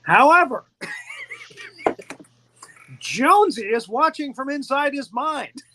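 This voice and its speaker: Bright, lively-voiced man chatting about a movie. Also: very high-pitched, slow pace, background noise. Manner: rambling, laughs often, repeats words. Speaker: host. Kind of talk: casual movie discussion.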